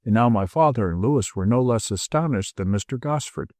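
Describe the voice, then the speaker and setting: A man narrating an audiobook in expressive storytelling style. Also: mid-range voice, a little fast, dry recording, studio quality. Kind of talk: scripted narration.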